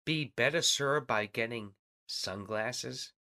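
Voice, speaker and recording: A man co-hosting a podcast in casual chat, animated and swearing freely. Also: mid-range voice, takes it slowly, vocal fry. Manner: profane and animated. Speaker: podcast co-host.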